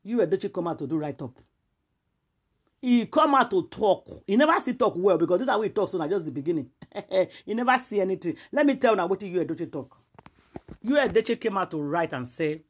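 Nigerian woman vlogger with a husky, breathy voice and a mid pitch, lecturing her audience on gossip. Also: lively intonation, fast. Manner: preachy, lecturing and repetitive. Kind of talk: emphatic commentary.

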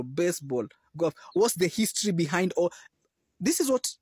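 A man delivers a fervent sermon in a high, husky voice. He exhorts the listener directly and swells to emphatic peaks. The sound is dry and close, with no room echo. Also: a little mellow. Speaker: Christian preacher.

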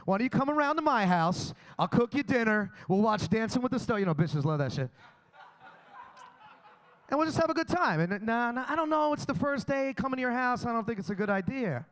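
A man's voice: extremely high pitch, sing-song, brisk, a bit bright. A young man doing a crude, boastful stand-up set in a comedy club. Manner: brash, crude, boastful storytelling.

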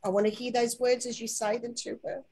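Soft-spoken woman leading a healing session, slow and coaxing, calls you darling. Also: fairly high pitch, flat delivery, husky, rough recording. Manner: soft, slow, coaxing guidance with gentle endearments. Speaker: spiritual healer guiding a session. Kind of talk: guided inner-child healing session.

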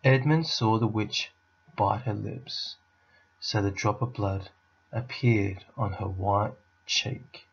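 Man reading a children's book aloud, low voice, slow delivery, muffled recording. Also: vocal fry, slightly rough. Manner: steady, unhurried storytelling. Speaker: teacher reading to a class.

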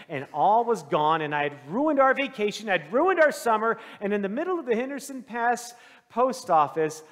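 A middle-aged man preaching a sermon, telling a personal story in an animated, self-deprecating way that swings from loud to hushed. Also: high voice, moderate pace. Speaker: pastor. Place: church sanctuary. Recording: long church reverb.

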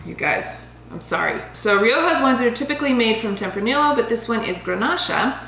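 A woman in her thirties chatting casually as she reviews wines, bubbly and quick to laugh, stumbling over foreign names. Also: on the high side, animated, fairly bright tone. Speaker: vlogger reviewing wine. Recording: roomy home recording with faint hum.

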